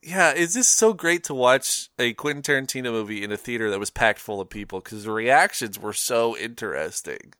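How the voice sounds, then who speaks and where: A man's voice: medium pitch, expressive, fairly quick, hardly any pauses, sharp tone, no echo, clean studio sound. A man co-hosting a podcast, chatting casually about films, rambling with lots of fillers and frequent laughs. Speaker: podcast co-host. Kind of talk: casual film discussion.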